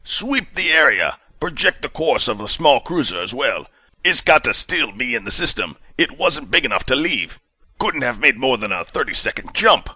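A man's voice: mid-range voice, big pitch swings, moderate pace, sharp tone, breathy edge, dry recording, pitched above the performer's own voice, exaggerated voice. A man voicing a harsh, impatient male sheriff who gives clipped, domineering commands. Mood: commanding.

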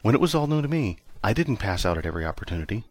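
A man voicing a calm, cool young woman pilot who speaks softly and unhurriedly. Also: lowish voice, rapid-fire, no room sound.

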